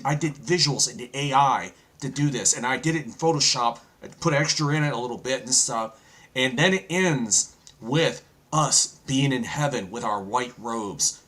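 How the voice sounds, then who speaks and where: A man's voice: medium pitch, fairly bright tone, husky. A man hosting a live online prophecy show, preaching to viewers and calling them folks. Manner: preaching, addresses audience as folks. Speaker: host.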